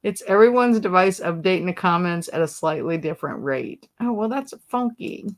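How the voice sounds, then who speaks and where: A woman's voice: on the low side, lively intonation, normal speed. A woman hosting a casual live stream, reading chat comments aloud and breaking into laughing fits. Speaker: livestream host.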